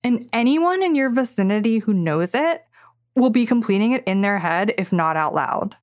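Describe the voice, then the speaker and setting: A woman's voice: fairly high pitch, expressive, normal speed, slight background noise. A woman writer narrating her own audio essay in a reflective, thoughtful manner on a close studio mic. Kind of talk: scripted narration.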